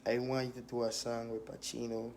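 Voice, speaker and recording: A young man with a thick Virgin Islands accent talks in an easygoing, streetwise way, tossing in tag questions as he answers fan questions. His voice sits at an ordinary middle pitch, and a faint hiss runs under it. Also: monotone, fairly quick, a little mellow. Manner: laid-back, streetwise, with repeated tag questions. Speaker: rapper. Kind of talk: casual Q&A, reading questions aloud.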